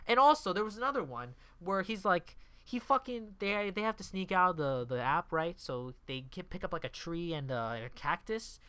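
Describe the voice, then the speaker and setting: A man's voice: on the high side, lively intonation, fairly quick, bright, forceful tone, smooth, dry recording. A man casually reviewing a movie in a profane, exasperated rant.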